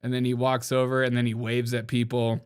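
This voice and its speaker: A man's voice: mid-range voice, monotone, fairly quick, smooth. A young man hosting a casual political commentary show, joking and laughing often, mocking people in put-on quotes. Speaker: show host.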